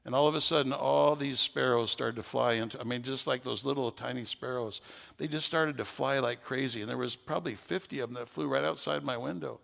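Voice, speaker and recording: An older man, a pastor with a gravelly voice, preaching a sermon with folksy stories that rise into fervent preaching. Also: medium pitch, a little fast, a bit bright, long reverb tail.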